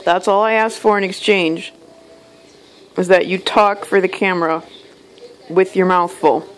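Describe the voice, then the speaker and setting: Slow, soft-spoken woman coaxing her bird. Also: fairly low pitch, steady tone. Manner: affectionate, coaxing, speaks softly to her bird. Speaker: pet owner vlogger. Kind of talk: casual talk to her pet bird on camera.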